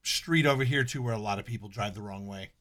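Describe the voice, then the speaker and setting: A man's voice: lowish voice, fast talker, a bit bright. A man in casual podcast chat, talking bluntly, swearing freely, and laughing often.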